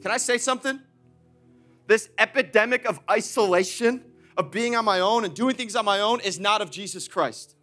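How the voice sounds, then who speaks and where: Man, pastor, sermon, high voice, energetic, repetitive phrasing, faint music behind. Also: normal speed. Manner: energetic, repetitive, laughs often. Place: church auditorium.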